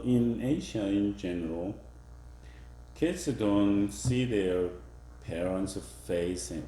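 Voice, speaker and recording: A male professor giving a classroom lecture, halting with fillers and restarts, acting out example phrases in different tones. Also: sits low, mellow, roomy sound, slight background noise. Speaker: university professor.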